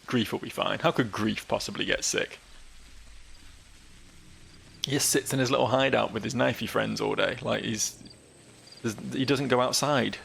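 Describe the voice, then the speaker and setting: Gravelly man joking through a game. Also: medium pitch, normal speed, long pauses, fairly bright tone, slight background noise. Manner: joking, wry asides. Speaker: let's play host. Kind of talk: casual gameplay commentary.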